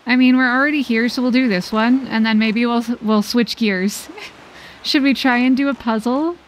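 A woman streamer chatting casually with her viewers during a gameplay livestream, bubbly and quick to giggle. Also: fairly high pitch, steady tone, a little hiss or hum. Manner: bubbly, giggly, talks to chat.

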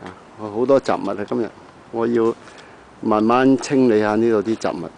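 A middle-aged man casually narrating his own home video outdoors around his house, filling pauses with short "ah"s. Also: on the low side, creaky, a little mellow, a little hiss or hum, rough recording. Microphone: handheld camera.

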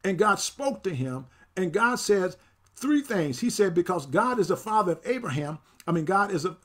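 Pastor guy preaching, high voice, keeps throwing in amen and glory to god. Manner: preaching with frequent amens and praise interjections; excitable, picks up speed then slows for scripture. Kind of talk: sermon.

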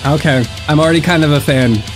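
A young man with a stuffed-up nose, hosting a casual music reaction with excitable, musing commentary. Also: fairly high pitch, fast. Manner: excitable, laughs often, muses aloud. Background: faint music.

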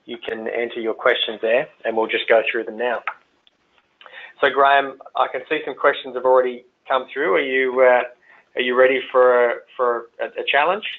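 An Australian man hosts a webinar question session in a chatty, hesitant way, full of fillers and repeated words. His voice comes through a tinny, phone-like line. His pitch sits in a middle range. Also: steady tone, normal speed. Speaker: webinar host. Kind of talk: hosting a webinar Q&A.

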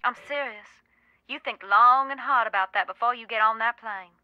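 A woman's voice: fairly high pitch, normal speed, no echo, lo-fi sound, lightly acted. An actress playing a serious Southern woman who calls with a case in a game. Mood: earnest. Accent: American Southern. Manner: earnest, warning.

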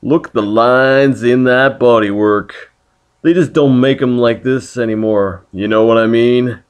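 A man's voice: mid-range voice, unhurried, clean tone, lightly acted. A man voicing a brash male used-spaceship salesman in a folksy cowboy drawl for a video game playthrough. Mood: salesy.

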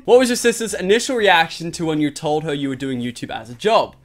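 A young Australian man with a slightly American-tinged accent, hosting a joking, excitable Q&A chat with his sister. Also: on the high side, quick pace, faint music behind. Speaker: YouTuber host. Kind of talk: casual Q&A chat.

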